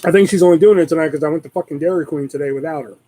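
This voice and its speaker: A man's voice: fairly high pitch, racing, dark tone, no echo, low-quality recording. A man hosting a live stream, chatting casually in a rambling way and swearing constantly.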